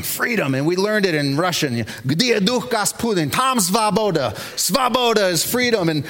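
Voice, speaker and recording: A man's voice: high-pitched, gravelly. A man preaching a sermon as pastor, telling stories with rising energy. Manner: animated storytelling, builds to shouts.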